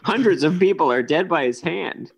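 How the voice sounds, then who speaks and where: A man co-hosting a podcast, amused and halting as he riffs on the film. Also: fairly high pitch, animated, vocal fry, slightly rough. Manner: amused, halting, laughs often. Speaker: podcast co-host. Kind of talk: casual comedic chat.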